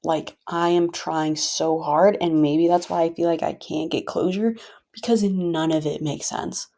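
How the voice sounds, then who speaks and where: A woman's voice: low voice, steady tone, unhurried, mellow. A woman vlogger venting casually to her viewers, frustrated and rambling with many fillers.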